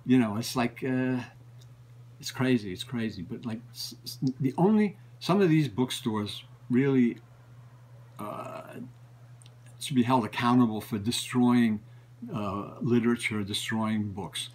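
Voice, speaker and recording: A man's voice: medium pitch, unhurried, a little mellow, husky, poor audio. Rambling male book collector telling stories. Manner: rambling, repeats and restarts phrases. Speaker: book collector and show regular. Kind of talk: casual storytelling.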